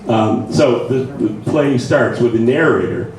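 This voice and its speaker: Casual male workshop presenter, mid-pitched, talking in a big echoey room far from the mic. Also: unhurried, a little mellow. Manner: conversational, checks in with listeners often. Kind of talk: informal lecture to a writing group.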